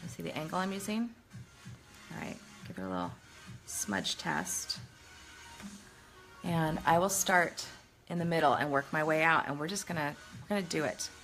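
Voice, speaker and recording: Chatty low-voiced woman doing her makeup. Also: animated, normal speed, pauses often, a bit bright, faint music behind. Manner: chatty, self-deprecating, talks while working. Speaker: makeup vlogger. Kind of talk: casual makeup tutorial chat.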